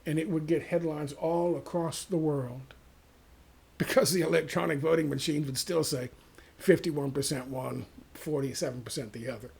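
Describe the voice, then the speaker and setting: A man delivering a profane, exasperated, sarcastic rant as a vlogger, with a gravelly voice. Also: on the high side, fairly even intonation, moderate pace, darkish tone. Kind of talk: ranting monologue to camera.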